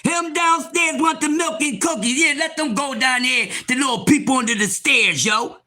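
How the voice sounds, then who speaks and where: High, cartoonish man shouting. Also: moderate pace. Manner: loud, preachy, often shouting. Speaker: live stream host. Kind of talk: animated livestream talk.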